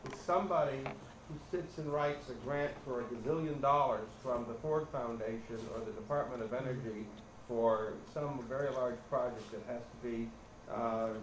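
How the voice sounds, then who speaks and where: A man's voice: medium pitch, fairly even intonation, normal speed. A man advising a town board at a public meeting, explaining things in plain, down-to-earth terms. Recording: echoey noisy meeting room recording.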